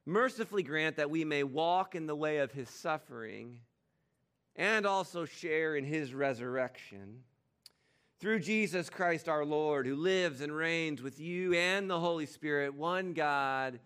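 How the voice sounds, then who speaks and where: A man's voice: on the high side, lively intonation, unhurried, fairly bright tone, clear, resonant tone. A male pastor preaching a sermon and leading a formal prayer in an earnest way.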